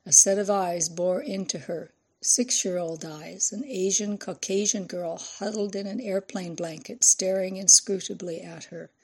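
A woman reading a novel aloud in measured, expressive scripted narration. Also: mid-range voice, slightly rough. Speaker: audiobook narrator.

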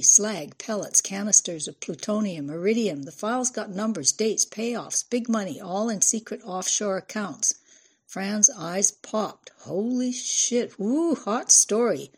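Husky woman narrating an audiobook. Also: medium pitch, a little slow, a little mellow. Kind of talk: scripted narration.

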